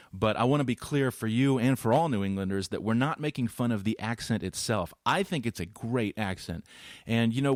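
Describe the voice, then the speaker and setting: A man's voice: mid-range voice, no echo, studio quality. A man hosting a casual podcast interview, jokey and effusive, who laughs often. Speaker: podcast host.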